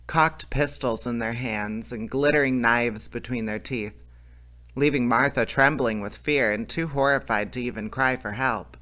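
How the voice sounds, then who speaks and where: A man reading a storybook aloud as narrator, telling it in a steady, plain way. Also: mid-range voice.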